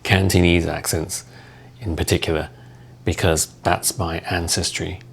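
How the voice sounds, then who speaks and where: A man's voice: low voice, flat delivery, a little slow, creaky, slightly rough. A man from England, talking casually and matter-of-factly to camera as a content creator.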